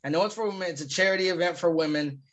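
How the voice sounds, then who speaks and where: A man's voice: high-pitched, rapid-fire, a bit bright, dull audio. A man, a guest comedian, chatting casually on a podcast and telling loose, profane stories full of fillers.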